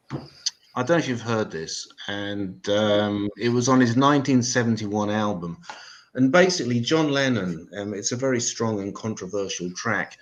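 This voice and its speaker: An English man hosting a stand-up comedy show, talking to the audience with sarcastic, swearing asides and deadpan jokes, on a stage mic in a live venue. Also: medium pitch, dull audio.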